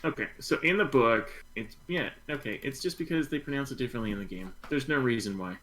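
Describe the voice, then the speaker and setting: A man co-hosting a casual book club podcast, speaking in a measured, slightly hesitant and thoughtful way. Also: mid-range voice, animated, a bit bright, low-quality recording. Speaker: podcast co-host.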